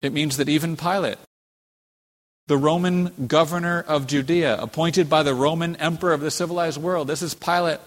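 A pastor with a slightly high voice and fairly even intonation preaches at a moderate pace. He delivers the sermon with dramatic emphasis, voicing the figures he quotes with rising intensity, recorded in a reverberant church hall.

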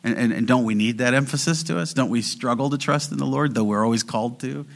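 A man preaching a sermon in an earnest way, slowing down and rising in volume to stress key phrases. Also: medium pitch. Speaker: pastor.

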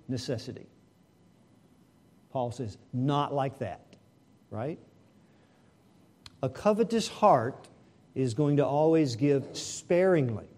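Animated man preaching a sermon. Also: medium pitch. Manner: animated preaching with rhetorical questions. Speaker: pastor.

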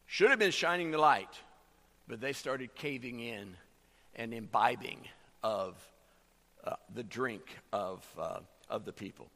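A man preaching a sermon as pastor, halting with many fillers and restarts as he explains a verse. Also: medium pitch, pushed and bright, big-room sound.

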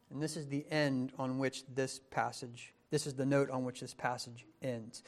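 A man preaching a sermon, emphatic, with rising stressed questions and slow deliberate phrases. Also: medium pitch, steady tone. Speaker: pastor.

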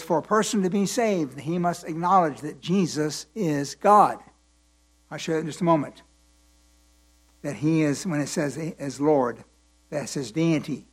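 A man teaching from the Bible in a slow, deliberate way, repeating his points and letting the congregation fill in words, his voice tired at the end of the day. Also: a little high, slightly rough. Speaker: preacher.

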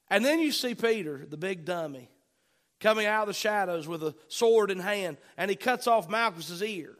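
A man preaching a sermon to a congregation, fervent, rising to loud bursts and dropping to soft asides. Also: sits high, lively intonation, moderate pace. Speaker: pastor.

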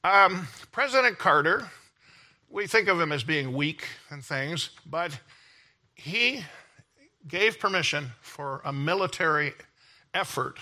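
A man's voice: on the high side, expressive, slow, long pauses, sharp tone. A man giving a rambling, informal classroom lecture, often checking in with his listeners by asking "okay?". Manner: rambling, checks in with "okay?" after many points.

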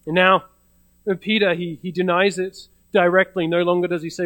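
A male pastor preaching a sermon in a fairly high voice, retelling a story in a relaxed conversational way. He often restarts and repeats words as he goes. The sound is dry and close, with no room echo. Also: a little fast.

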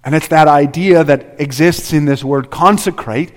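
A pastor with a slightly high voice preaches a sermon at normal speed in a reverberant hall. He is earnest, driving his points home with repeated rhetorical questions.

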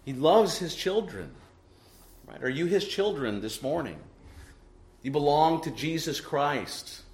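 A man's voice: a little high, expressive, takes it slowly. Man, middle-aged, pastor, sermon, emphatic, rhetorical questions, echoey church hall. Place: church sanctuary.

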